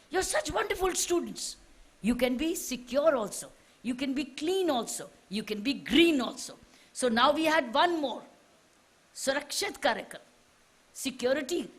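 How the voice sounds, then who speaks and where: A high-voiced woman with an Indian English accent delivers a public speech to students. She exhorts them, repeating points and firing rhetorical questions back at her listeners. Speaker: official addressing students.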